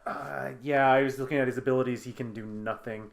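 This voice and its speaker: A man's voice: medium pitch, steady tone, a little fast, creaky. A man playing in a tabletop game, chatting casually, joking and hesitating with plenty of fillers. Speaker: player.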